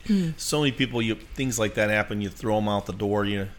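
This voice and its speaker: A man's voice: lowish voice, fast. A man co-hosting a podcast, chiming in with short, affirming remarks in casual chat.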